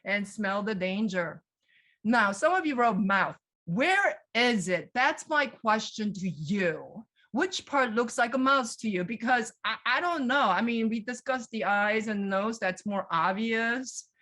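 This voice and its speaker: Lady giving a museum tour on a video call, kinda high voice, keeps asking folks questions and reading out their answers. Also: unhurried. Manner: animated, quizzes the audience and reads their chat answers aloud. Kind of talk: live virtual museum tour.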